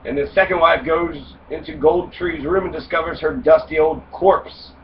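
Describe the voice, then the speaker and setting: Man, comedic storyteller, foul-mouthed, rambling, a bit higher voice, muffled distant recording. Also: steady tone, moderate pace. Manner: profane, wisecracking, rambling with fillers. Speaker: podcast host retelling fairy tales. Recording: distant mic, dull lo-fi sound, faint noise.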